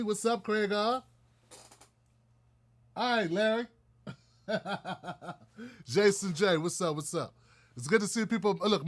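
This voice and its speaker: A man hosting his own live-stream talk show, chatting loosely and greeting viewers by name. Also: high-pitched. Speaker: host.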